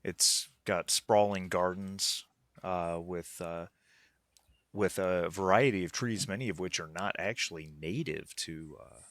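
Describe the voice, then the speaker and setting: A man's voice: sits low, a little slow, a bit bright, dry recording. A man narrating as game master for a tabletop game, talking casually with many fillers and restarts.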